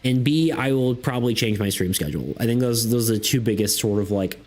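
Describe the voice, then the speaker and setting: A man's voice: medium pitch, fairly quick, a little mellow, soft background music. A man streaming, chatting casually and reading chat messages aloud, full of fillers and restarts.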